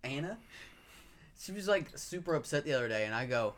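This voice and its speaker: A man in his thirties, a podcast co-host, telling animated, profane stories in casual chat among friends. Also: mid-range voice, fairly quick, pauses often.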